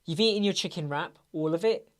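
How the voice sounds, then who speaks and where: A man's voice: sits high, a little fast, no echo, studio quality. Chatty, playful English man hosting. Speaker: web design live stream host. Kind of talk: casual live chat Q&A. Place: home room with a door.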